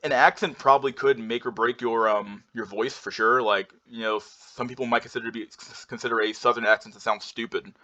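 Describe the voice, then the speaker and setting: A man's voice: mid-range voice, steady tone, fairly quick, hardly any pauses, bright, forceful tone. A man giving a casual talk over slides, rambling with lots of fillers and restarts. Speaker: presenter going through slides. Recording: dull lo-fi sound.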